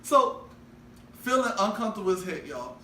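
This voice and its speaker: A young man co-hosting a podcast, telling a story in a loose, slangy, animated way and laughing often. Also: high-pitched, moderate pace. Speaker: podcast co-host. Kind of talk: casual storytelling chat. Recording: roomy, distant mic, faint hiss.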